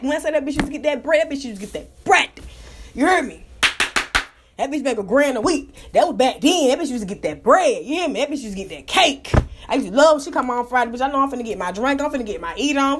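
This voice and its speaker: A woman hosting a casual live talk room, telling stories and ranting bluntly with profanity and sudden loud outbursts. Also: fairly high pitch, background noise. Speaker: live audio room host. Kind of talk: casual storytelling rant.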